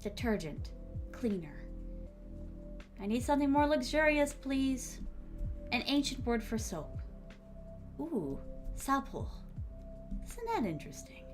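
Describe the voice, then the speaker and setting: A woman's voice: fairly high pitch, very animated, measured pace, pauses often, fairly bright tone, faint music behind. A young woman streamer chatting casually with her viewers while she writes. She speaks with theatrical, refined diction and calls her audience "my starlings". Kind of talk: casual live-stream chat while writing.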